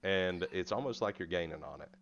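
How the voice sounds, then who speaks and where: A man's voice: sits low, fairly quick, vocal fry, a bit bright, muffled recording. A man narrating as game master of a tabletop game, laid-back, with fillers and laughs.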